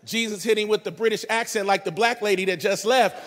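A man's voice: sits high, brisk, big-room sound. A man preaching at a conference with comedic energy, acting out the people in his stories in a street-slang voice. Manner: animated storytelling, acting out characters in a street-slang voice. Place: large conference hall.

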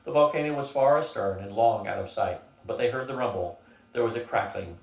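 An older man reading a novel aloud as a steady storyteller. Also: fairly low pitch, a little fast, creaky. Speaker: reader. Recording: roomy, from a distance.

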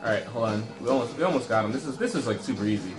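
A man's voice: mid-range voice, expressive, racing, roomy sound, loud music behind the voice. A man playing a video game with his son, chatting and teasing him with dry humor. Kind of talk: casual gameplay chat.

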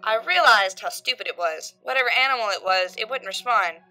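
A woman narrating a creepypasta horror story, voicing its characters with shifts in pitch and loudness. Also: lively intonation, a little fast, rough recording. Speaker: creepypasta reader. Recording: faint background music.

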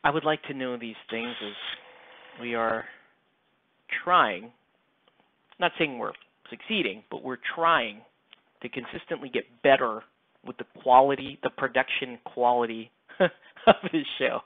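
He paints miniatures on a live stream, speaking in a mid-range voice at a measured pace and pausing often. Through a headset mic the sound is tinny and phone-like with no echo, while he rambles casually, putting himself down and using plenty of fillers.

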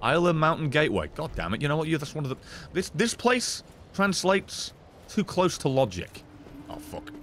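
A man's voice: a little high, sing-song, normal speed, fairly bright tone, slight background noise. A man streaming gameplay in casual commentary, swearing often, joking and laughing.

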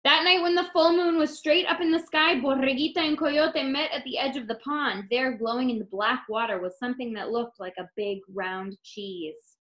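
A woman teacher reading a picture book aloud to children, expressive and explaining words as she goes. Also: high-pitched, moderate pace, poor audio.

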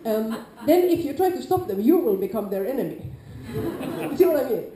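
A woman with a Nordic accent giving an informal lecture to a class, lively, acting out quoted players with sudden loud calls. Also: high voice, moderate pace, background noise. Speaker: lecturer on larp safety. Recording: echoey lecture room.

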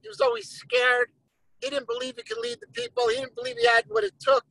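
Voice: extremely high pitch, a little fast, vocal fry, poor audio. A guest speaker on a video call, giving a motivational talk and retelling a story with acted-out quotes. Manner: animated storyteller who acts out quoted lines.

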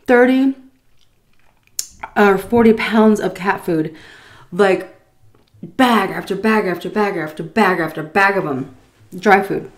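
A woman casually telling a story while eating, animated and swearing freely. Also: mid-range voice, takes it slowly, long pauses. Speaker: vlogger.

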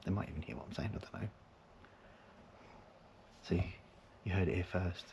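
A very low-pitched man chats in a loose, rambling way while camping in his van, now and then lowering his voice to a near-whisper. A handheld camera records him outdoors, with clear background noise all around. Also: normal speed. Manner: rambling, chuckling, sometimes hushed to avoid being overheard. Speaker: vlogger. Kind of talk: casual camping vlog chat. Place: in a van at a forest campsite, outdoors. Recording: noisy outdoor ambience.

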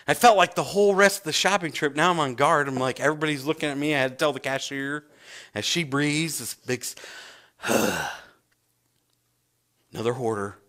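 Pastor guy preaching, bright voice, pitch a bit up, acts out the people in his stories. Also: fast talker. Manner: animated storyteller, acts out voices. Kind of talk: sermon with storytelling.

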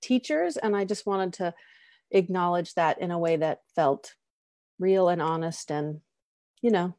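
Woman, slightly hoarse, very slow and hesitant, dry close sound. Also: lowish voice, dry recording. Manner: soft, halting, emotional. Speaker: ministerial candidate. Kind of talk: casual video call chat.

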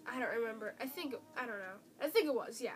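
A woman's voice: a little high, animated, fast. A woman with a stuffy, nasal voice from a cold, talking emotionally about a drama in a casual, rambling review full of fillers, recorded on a tablet. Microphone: tablet built-in mic.

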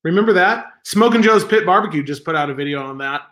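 A man's voice: a little high, animated, quick pace, a bit bright. A man filling in as host of a live stream from home, rambling and joking at himself while reading the chat aloud. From Southern California. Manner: rambling, self-mocking, reads chat aloud. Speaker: livestream stand-in host.

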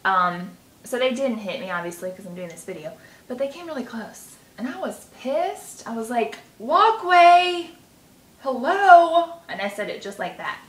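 Bright-voiced chatty woman, roomy echo. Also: medium pitch, expressive, normal speed. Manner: chatty, rambling storyteller with many fillers. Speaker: self-help vlogger teaching EFT tapping. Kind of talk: casual talk to camera. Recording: roomy echo with faint noise.

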